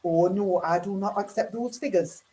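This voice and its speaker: A woman's voice: mid-range voice, normal speed, warm tone, lightly acted. A woman putting on a stern, insistent female politician. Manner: clipped, insistent, repetitive.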